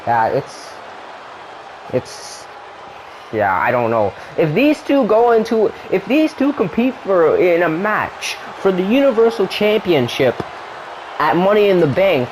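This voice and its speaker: A man calls the action of a wrestling video game like a ringside commentator. His voice leaps up and down with every move as he exclaims at each hit, over a faint steady hiss. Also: sits high, measured pace, rough recording. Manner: animated, exclaims and laughs at the action. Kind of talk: excited play-by-play commentary.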